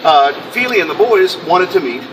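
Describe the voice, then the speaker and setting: A man's voice: high voice, animated, moderate pace. A man hosting a casual podcast interview, joking and rambling. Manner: jokey, rambling. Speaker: podcast host. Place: outdoors in a city, trains nearby. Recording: distant mic, clear street noise.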